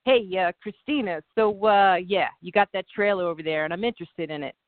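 A woman putting on an easygoing, generous Italian man who reassures in a relaxed, fatherly way, with an Italian accent, heard over a tinny, dry line. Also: sits high, brisk, no echo, close to an everyday voice. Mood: reassuring. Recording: dry, tinny phone-like sound.

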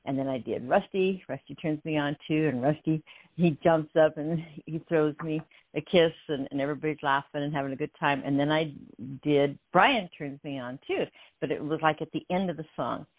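A woman's voice: low voice, moderate pace, dry recording. Older woman laughing over a phone line. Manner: animated, laughing storyteller. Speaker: guest. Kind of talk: telling a story.

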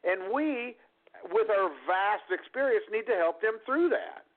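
A man's voice: high-pitched, expressive, unhurried. A man co-hosting a talk show who argues bluntly and combatively and keeps calling people dude. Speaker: co-host. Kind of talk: heated debate on a call-in show. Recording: tinny phone line.

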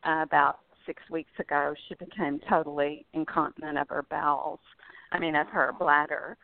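A woman's voice: deep voice, fairly even intonation, moderate pace. A woman calling a radio show, emotional and earnest, explaining things in detail. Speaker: caller. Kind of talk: phone call to a radio show. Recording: dry tinny phone line.

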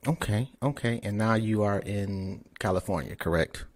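A man's voice: lowish voice, normal speed. A man hosting a podcast, talking loosely and cursing casually. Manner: loose, profane, chatty. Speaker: podcast host. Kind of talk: casual interview chat.

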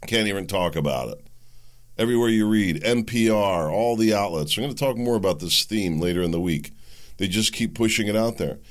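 A man's voice: sits low, a little fast. A man hosting a political commentary podcast, talking casually and sarcastically, mocking the voices of his opponents. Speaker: podcast host.

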